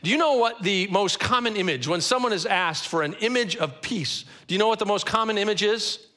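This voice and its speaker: A man in his forties preaches with a high, bright voice that carries easily. His delivery is earnest and conversational, and he draws out key phrases for weight. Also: a little fast. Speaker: pastor. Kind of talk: sermon.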